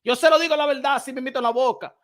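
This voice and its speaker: A man hosting a boxing channel who rants in a loud, mocking and profane way, often shouting. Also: very high-pitched, fairly even intonation, racing. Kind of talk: heated ranting commentary.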